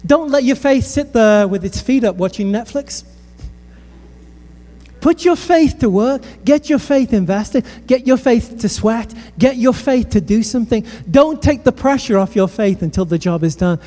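A man's voice: very high-pitched, normal speed, hardly any pauses, warm tone. A male pastor from the United Kingdom preaching a passionate sermon with conversational asides in a church hall. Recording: echoey hall.

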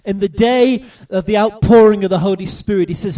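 A man preaching a sermon, reading scripture slowly and deliberately, swinging between loud declarations and soft hushed asides. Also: sits high, distant mic.

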